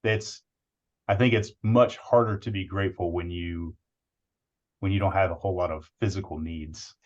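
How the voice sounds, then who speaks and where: A very low-voiced man speaks in a relaxed, halting, conversational way. The sound is dull and lo-fi. He sounds like he is joining a casual discussion. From United States. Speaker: discussion participant.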